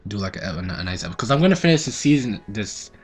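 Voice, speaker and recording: A man's voice: fairly low pitch, fairly quick, slightly rough, faint music behind. Rambling teenage boy narrating gameplay. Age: teens. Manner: rambling, animated storytelling. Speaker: gaming channel host. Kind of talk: casual gameplay commentary.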